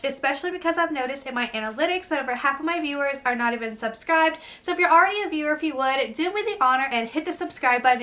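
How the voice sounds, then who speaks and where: A young woman, gushing breathlessly through an excited unboxing vlog. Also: sits high. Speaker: beauty vlogger.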